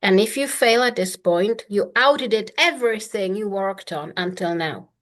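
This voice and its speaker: A woman's voice: mid-range voice, normal speed, fairly bright tone. Blunt, emphatic woman coach. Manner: blunt, emphatic, swears freely. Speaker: manifestation coach. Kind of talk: casual coaching talk.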